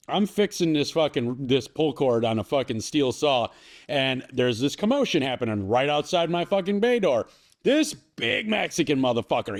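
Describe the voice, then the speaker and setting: A man guesting on a podcast, telling long rambling stories full of swearing and laughter. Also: a little high. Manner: rambling, profane storyteller who laughs often. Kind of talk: casual podcast chat.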